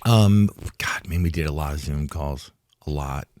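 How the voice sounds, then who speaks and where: Really deep guy, rambly storyteller, keeps quoting people, dry close sound. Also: a little slow, darkish tone, no echo. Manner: rambling, restarts, acts out quoted talk. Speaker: retired fighter, interview guest. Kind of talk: casual storytelling interview. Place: studio in Hollywood.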